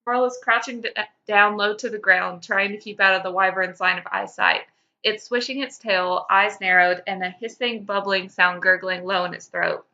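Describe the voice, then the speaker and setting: A woman podcast host reading fan fiction aloud with lively expression. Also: mid-range voice, normal speed, dull audio. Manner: lively, breaks into laughter.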